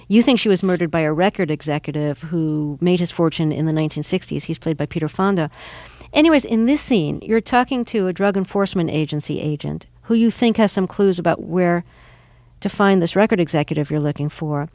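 A woman's voice: on the low side, darkish tone, no echo. A woman hosting an interview, asking questions and setting up clips in a curious, conversational way. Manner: inquisitive, conversational. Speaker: interview host. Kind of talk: radio interview.

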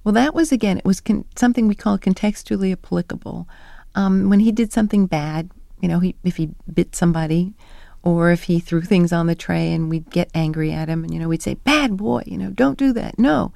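A middle-aged woman being interviewed, telling animated stories and acting out quoted lines. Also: fairly low pitch, fairly quick, vocal fry, dry recording, clean studio sound. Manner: animated storyteller who acts out quoted lines. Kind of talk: conversational interview.

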